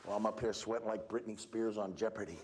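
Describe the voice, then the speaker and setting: A man's voice: on the low side, quick pace, background noise. A man giving an emphatic motivational speech at a school assembly, calling out to the students. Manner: emphatic, animated, calls out to the audience. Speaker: motivational speaker. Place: school hall with student audience. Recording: echoey hall with crowd.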